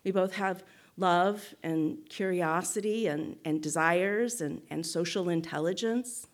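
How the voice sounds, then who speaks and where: A woman giving a reflective spoken teaching to a group, measured and thoughtful, often checking in with "right?" and restarting phrases. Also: fairly low pitch. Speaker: guest speaker.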